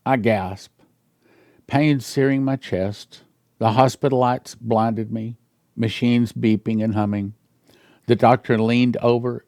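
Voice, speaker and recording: A man in his sixties, a pastor, reading a dream account aloud in a sermon and talking earnestly, growing quiet and emotional over a personal story. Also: medium pitch, steady tone, takes it slowly, no room sound, clean studio sound.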